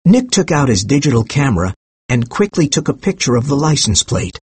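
Male narrator, measured and expressive; husky tone, dry booth sound. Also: medium pitch, no echo. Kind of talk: scripted audiobook narration.

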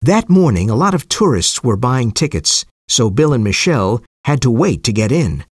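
Male audiobook narrator, husky tone, lively pitch, steady storytelling, dry close sound. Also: normal speed, no room sound.

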